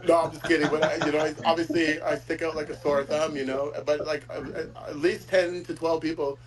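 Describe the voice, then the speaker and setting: A man hosting a casual chat, talking in a rambling, warm-hearted way with frequent chuckles. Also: on the high side, little pitch movement, fairly quick, a crowd in the background, low-quality recording. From Florida. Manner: rambling, chuckles often, fillers. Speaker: host.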